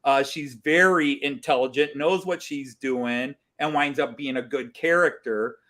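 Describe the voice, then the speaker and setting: Bright-voiced man rambling in group chat. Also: medium pitch, unhurried. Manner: rambling, animated, many restarts. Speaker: host.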